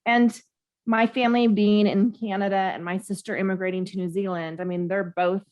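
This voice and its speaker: A woman's voice: medium pitch, steady tone, moderate pace, darkish tone. A woman co-hosting a podcast in casual chat, reacting with enthusiasm and expression. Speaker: podcast co-host.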